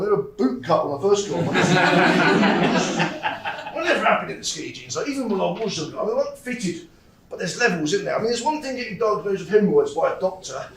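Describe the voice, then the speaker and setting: A man's voice: sits high, far from the mic. Rambling southern English comic in his forties. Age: 40s. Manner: rambling, self-mocking, laughing at own jokes. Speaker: stand-up comedian. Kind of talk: stand-up comedy set. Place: comedy club stage. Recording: echoey club room, faint ambience.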